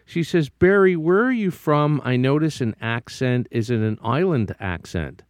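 Lively-voiced male radio host. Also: medium pitch, normal speed, no echo, studio quality. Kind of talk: reading listener mail on air.

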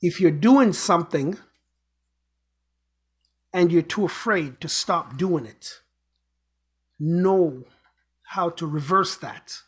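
Earnest high-pitched man urging listeners. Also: breathy edge. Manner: earnest, repetitive urging, exhortations. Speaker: host of an inspirational show. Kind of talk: motivational talk and storytelling.

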